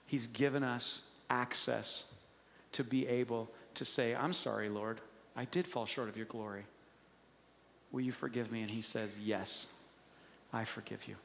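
A man preaching a sermon to a congregation in earnest, conversational tones that grow quiet and gentle in prayer. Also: medium pitch, a little hiss or hum. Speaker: pastor. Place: church sanctuary. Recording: hall reverb.

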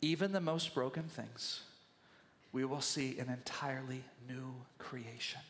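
A man preaching a sermon as pastor, telling stories with lively acted-out voices. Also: medium pitch, unhurried, long reverb tail. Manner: animated storytelling, acting out voices.

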